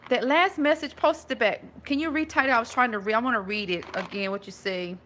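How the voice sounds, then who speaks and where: A woman's voice: on the high side, fairly quick, fairly bright tone, a little hiss or hum. A woman chatting casually with live viewers from her home, rambling with many restarts. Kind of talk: casual live-stream chat.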